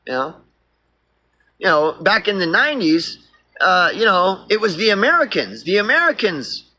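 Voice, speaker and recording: A man's voice: high voice, sing-song, moderate pace, pushed and bright, a little hiss or hum. A man with an Oklahoma accent, rambling through a profane, casual political monologue.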